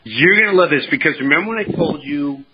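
A man hosting a podcast in casual chat, telling stories in an animated, rambling way with many restarts. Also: fairly high pitch, quick pace. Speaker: podcast host. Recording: dull lo-fi sound with faint noise.

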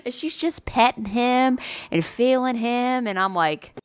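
A woman's voice: fairly high pitch, measured pace, clean tone, dry recording. A woman co-hosting a podcast, telling a story in casual chat, swearing freely and acting out the voices of the people in it. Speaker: podcast co-host.

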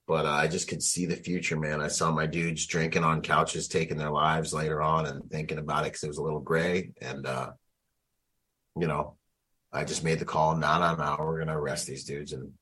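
Male veteran guest, low voice, animated storyteller with street slang. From United States. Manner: animated, slangy, laughs often. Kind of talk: conversational storytelling.

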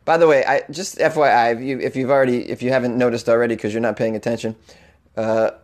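A man's voice: medium pitch, steady tone, fast. A man with a Boston accent hosting a comedy news show, riffing with sarcasm and mock outrage and laughing at his own jokes. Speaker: comedian podcast host.

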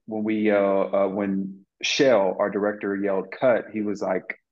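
Man, fairly low voice, earnest, fillers and restarts, muffled lo-fi sound. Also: little pitch movement, unhurried. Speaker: actor guest. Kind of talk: casual interview storytelling. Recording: lo-fi muffled audio.

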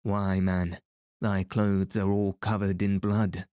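A man's voice: low voice, flat delivery, takes it slowly, dark tone, clean tone, no room sound, clean studio sound. A man voicing a cruel middle-aged male sheriff who speaks in a commanding, gloating way.

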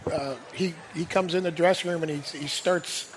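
Brief: middle-aged male guest, high voice, wry, laughs mid-story. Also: steady tone, normal speed. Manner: wry, laughs through stories, quotes others. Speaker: guest, former hockey player. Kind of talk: casual storytelling chat.

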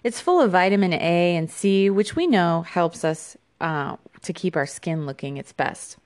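A woman with a somewhat low voice hosts an informational podcast. She reads her segment from notes, with small fillers and restarts along the way. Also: animated, unhurried, a little mellow. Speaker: podcast host.

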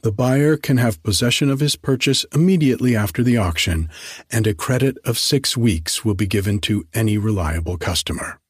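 A man's voice: lowish voice, lively intonation, a little fast, slightly rough, dry recording, clean studio sound. A man voicing a young male student who plays a whining, mock-solemn auctioneer. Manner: whining mock-official announcing.

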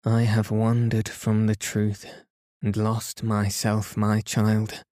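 A man reading the part of a remorseful elderly father who talks softly and slowly, pleading as he speaks. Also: fairly low pitch, monotone, no room sound, studio quality. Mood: confessing.

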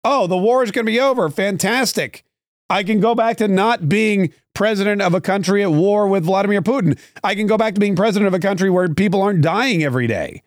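Whiny, self-pitying middle-aged male president, sent up by a man; higher than his own voice, dry sound. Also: a little fast, no echo, natural voice. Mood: mocking whine. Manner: mocking, sing-song exaggeration.

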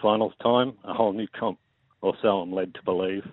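A man in his forties with an Australian accent, a radio caller reciting a rhyming poem over the phone in a steady rhythm. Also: fairly low pitch, fairly quick, no room sound. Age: 40s. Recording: tinny phone line.

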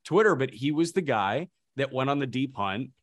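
A man co-hosting a podcast, telling stories in a lively, casual way with quick asides. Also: medium pitch, dry recording. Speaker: podcast co-host. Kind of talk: casual chat.

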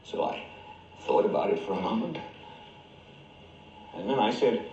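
An actor playing a weary male TV news anchor in a film drama, recounting a night voice in an impassioned monologue that swings between hushed and raised. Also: fairly low pitch, expressive, normal speed, a little hiss or hum, natural voice. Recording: dull echoey film audio played back.

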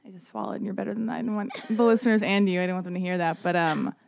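A woman's voice: medium pitch, very fast, vocal fry. A woman hosting a podcast, chatting casually in a rambling, giggly, teasing way. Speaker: podcast host. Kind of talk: casual chat.

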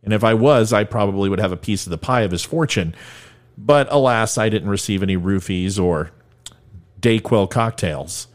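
A man's voice: on the low side, normal speed. A middle-aged man hosting a podcast, delivering comedic political commentary in an irreverent, self-deprecating, joking manner. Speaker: podcast host.

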